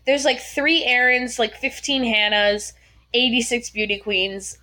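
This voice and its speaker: Young woman co-host, higher voice, blunt and sarcastic, swears casually. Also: steady tone, a little slow, sharp tone. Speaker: podcast co-host. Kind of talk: casual chat.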